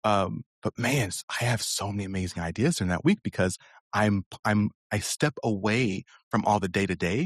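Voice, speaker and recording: A man's voice: fairly low pitch, normal speed, dry recording, clean studio sound. A man, an executive coach, answering interview questions in a reflective, storytelling way with frequent restarts. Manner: reflective, stops to restart, tells stories.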